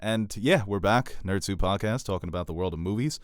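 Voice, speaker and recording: Deep-voiced joking podcast host. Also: male voice, a little fast, no echo, clean studio sound. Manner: joking, teasing co-hosts, swears casually. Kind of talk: casual chat.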